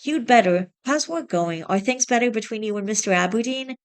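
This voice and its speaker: A soft-spoken young wife with a tearful, pleading edge, her voice lifted high as a woman reads her part. She talks gently and sounds hurt. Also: lively intonation, a little fast, clear, resonant tone. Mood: tender.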